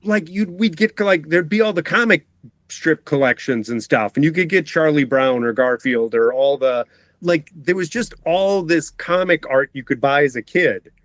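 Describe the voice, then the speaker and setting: A man's voice: on the high side, normal speed, fairly bright tone, no room sound. A middle-aged man talking as a cartoonist guest in a casual interview, rambling, often breaking off mid-sentence and laughing. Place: home basement.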